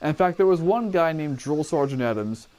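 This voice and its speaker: A man's voice: a little high, lively intonation, normal speed, darkish tone. Profane, rambling army veteran man. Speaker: army veteran telling training stories. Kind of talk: casual storytelling to camera.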